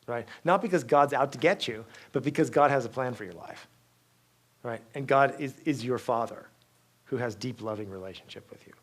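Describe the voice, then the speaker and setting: A man giving a university talk, telling stories lively with frequent asides, restarts and "okay?" check-ins to the audience. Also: medium pitch, normal speed. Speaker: guest speaker. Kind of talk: university lecture.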